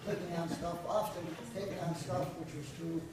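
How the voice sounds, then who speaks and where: A man's voice: on the high side, little pitch movement, moderate pace. A man emceeing a church recognition event, telling jokes and teasing the presenters in an easygoing way. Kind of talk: joke-telling speech to an audience. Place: large echoey church hall. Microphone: room recording from a distance. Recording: echoey hall, distant mic, background noise.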